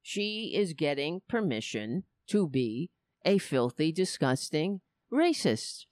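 A profane, exasperated woman hosts a political livestream, talking to her chat from home. Her fairly low voice swings widely in pitch, and she speaks in an unhurried, deliberate way. The sound is close and dry, from a cheap home microphone. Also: very animated, darkish tone, dry recording. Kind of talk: casual ranting commentary to a live chat. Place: home setup. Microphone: cheap home microphone with headphones.

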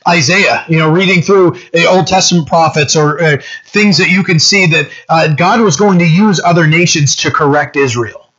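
Bright-voiced male pastor, chatty sermon. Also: on the high side, normal speed, slight background noise. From French-descended local community. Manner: conversational, frequent fillers and "right?" checks. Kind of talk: sermon teaching. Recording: dull lo-fi sound.

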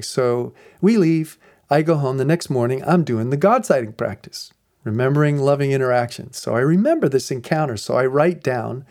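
A man's voice: mid-range voice, moderate pace. A middle-aged man who is a pastor, telling stories in a podcast and acting out the people in them. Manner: animated storyteller who acts out the people in his stories. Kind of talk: storytelling podcast talk.

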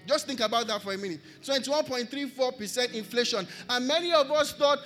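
A man's voice: very high-pitched, moderate pace, hardly any pauses, pushed and bright, soft background music. A Nigerian man preaching a sermon, earnest, returning again and again to repeated refrains. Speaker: pastor. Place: church.

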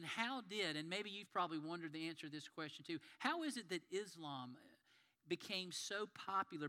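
A man's voice: fairly high pitch, bright, forceful tone. A man preaching a sermon in an earnest, conversational storytelling manner. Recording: long hall reverb.

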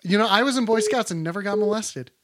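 A man's voice: high voice, quick pace, background noise. A man hosting a call-in stream, chatting loosely with callers, swearing and laughing easily. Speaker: call-in show host. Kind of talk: casual call-in chat. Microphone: streaming mic setup.

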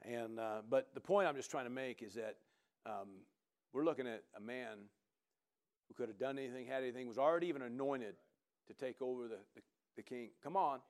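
A man preaching a sermon in a lively, conversational way, often asking the congregation "right?" and urging them on. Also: medium pitch, a little fast. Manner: animated, conversational preaching with frequent "come on" and "right?". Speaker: pastor.

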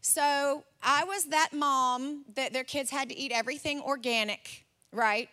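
A woman in her forties preaching a sermon, telling a family story in an animated way and acting out her son's lines. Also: high-pitched, unhurried. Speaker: pastor.

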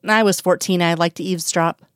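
A woman voicing a gentle, patient man who talks softly and reassuringly, in a dry, close recording. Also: lowish voice, steady tone, fairly quick, smooth, no room sound, natural voice. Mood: soothing.

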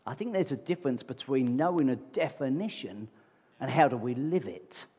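A man's voice: mid-range voice, animated, moderate pace, darkish tone, breathy edge. A man preaching a sermon to his congregation in a conversational way, often asking them rhetorical questions. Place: church meeting hall. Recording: long reverb of a large hall.

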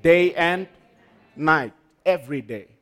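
A man's voice: on the high side, slow pace, a bit bright. A man preaching a sermon, emphatic, with call-and-response to the congregation. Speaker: pastor.

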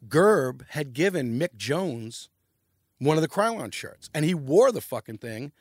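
A man's voice: a little high, measured pace, dry recording, studio quality. Profane New man telling stories. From New York. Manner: animated, profane, rambling storytelling. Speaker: podcast guest. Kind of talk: casual storytelling chat.

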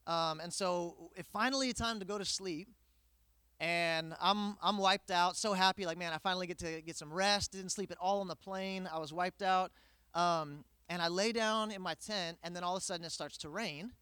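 A man preaching a sermon, telling a personal story with lively humor before his main point. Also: high voice, normal speed, clear, resonant tone, dry recording.

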